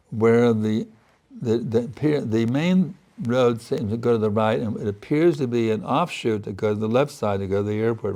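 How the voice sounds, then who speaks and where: Gravelly-voiced man giving a sermon. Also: mid-range voice, dark tone. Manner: earnest, pleading when voicing prayers. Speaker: spiritual teacher.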